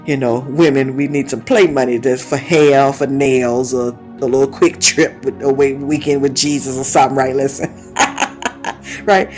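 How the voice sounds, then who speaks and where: A woman in her fifties preaching a conversational sermon, telling stories with laughs and asides and breaking into speaking in tongues. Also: sits low. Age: 50s. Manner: lively storytelling with laughs and asides.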